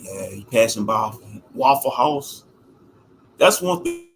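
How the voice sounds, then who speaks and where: A man's voice: fairly low pitch, sing-song, takes it slowly, a little hiss or hum. Easygoing man chatting on a livestream. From Louisiana. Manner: easygoing, chatty and rambling, laughs often. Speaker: livestream host. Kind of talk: casual live-stream chat.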